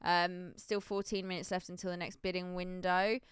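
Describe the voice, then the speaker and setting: Woman, streamer host, very clear smooth voice, dry close sound, giggly, casual chat. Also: lowish voice, flat delivery, moderate pace, no echo. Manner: giggly, playful, reads out prices.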